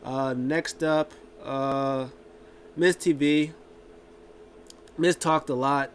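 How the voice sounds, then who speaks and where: A man's voice: fairly high pitch, fairly even intonation, very slow, a little hiss or hum. A man casually recapping a wrestling show, rambling with lots of filler words and restarts.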